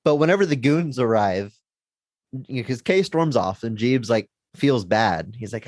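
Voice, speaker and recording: An enthusiastic man co-hosts a podcast in casual chat, often laughing as he talks. His voice sits at an ordinary middle pitch. The recording is dry and close. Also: expressive, normal speed, a little mellow, dry recording. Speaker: podcast co-host.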